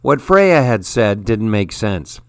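A man narrating a story in the first person, in a measured, earnest way. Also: on the low side, very animated, dry recording, clean studio sound. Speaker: audiobook narrator.

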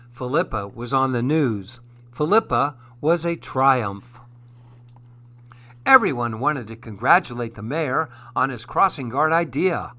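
A man narrating a children's story in a gentle, expressive way. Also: medium pitch.

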